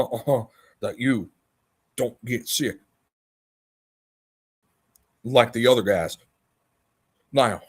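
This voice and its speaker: A man's voice: a little mellow, husky. Man doing a hammy rock-and-roll king impression. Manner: hammy sales pitch, quick patter.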